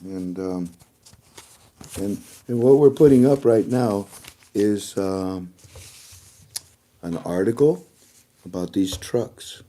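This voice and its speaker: A man's voice: lowish voice, takes it slowly, long pauses, mellow. A man giving a rambling, emotional monologue to camera as a video blogger, often breaking into laughter.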